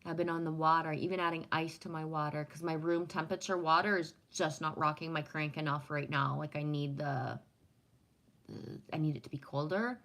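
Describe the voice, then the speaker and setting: A woman from Canada with a slightly low voice, talking loosely and profanely to her livestream chat. She rambles from story to story and answers comments as she goes. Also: fairly even intonation, moderate pace, fairly bright tone, rough recording. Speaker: livestream host.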